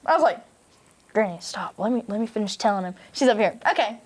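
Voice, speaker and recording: A woman's voice: mid-range voice, animated, fast talker, breathy edge. A young woman with a Tennessee Southern accent, hosting a casual chat with friends and telling crude, laughing stories. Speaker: podcast host.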